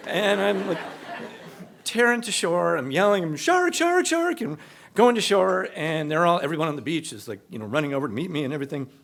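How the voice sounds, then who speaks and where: A man telling a true story live on a comedy club stage, talking in a conversational, animated way and acting out what people said. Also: on the high side, fast, creaky.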